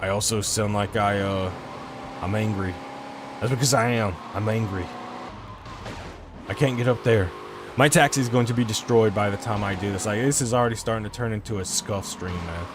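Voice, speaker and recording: A man's voice: on the low side, quick pace, background noise. Swearing, rambling man streaming a game. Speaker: gaming streamer. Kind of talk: casual gameplay commentary. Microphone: desk microphone.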